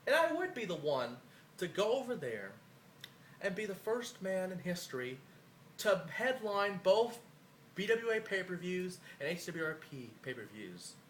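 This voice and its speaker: A man's voice: sits high, big pitch swings, measured pace, a bit bright, a little hiss or hum. A man cutting a boastful, profane wrestling promo, his voice a bit worn. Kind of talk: trash-talking wrestling promo. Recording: echoey room, faint ambience.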